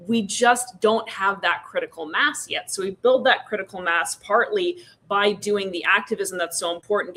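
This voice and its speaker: A woman's voice: mid-range voice, a bit bright. Woman explaining her views at length. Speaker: panel guest. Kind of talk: casual political discussion.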